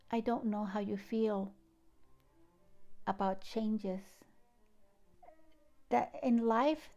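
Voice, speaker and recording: A woman with a foreign accent speaks in a soft, unhurried, heartfelt way. Her tone is warm and mellow, with a gravelly edge of vocal fry. She shares inspirational thoughts and reads poetry aloud, sometimes dropping into hushed asides. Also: fairly high pitch. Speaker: spiritual channel host. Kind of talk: gentle inspirational talk and poem reading.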